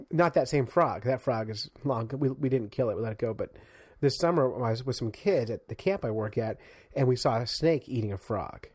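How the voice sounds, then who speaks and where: A man's voice: medium pitch, normal speed, dry recording. A man co-hosting a casual podcast, telling stories with lots of energy and laughing often. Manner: animated storytelling, mimics frog screams, laughs often. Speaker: podcast co-host. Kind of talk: casual chat.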